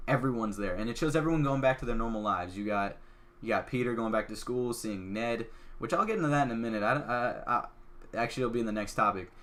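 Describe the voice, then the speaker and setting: A man hosting a podcast, excitedly retelling a film in a casual, chatty way full of "like" fillers. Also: medium pitch, fast. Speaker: podcast host. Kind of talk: casual movie recap.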